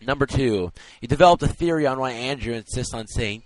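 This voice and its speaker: Lively young man joking on a podcast. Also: medium pitch, fairly quick, rough recording. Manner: lively, laughs through his lines. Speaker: podcast co-host reading a top ten list. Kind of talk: jokey podcast banter. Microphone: internet call.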